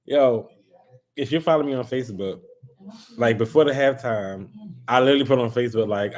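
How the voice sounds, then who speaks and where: A man from Baltimore, USA, complains animatedly to his live-stream viewers, clearly exasperated in a casual chat. His mid-range voice runs a little slow, with long pauses.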